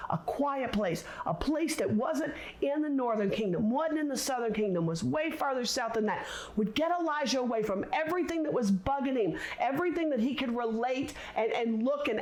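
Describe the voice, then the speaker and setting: A woman teaching a recorded Bible lesson, expressive and deliberate, leaning on words for dramatic emphasis. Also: on the high side.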